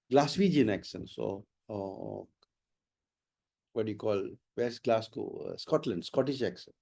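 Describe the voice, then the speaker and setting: A man's voice: medium pitch, mellow. A man, teaching in a webinar and answering questions with emphatic, explanatory talk that repeats key words. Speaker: IELTS trainer. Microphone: online webinar mic.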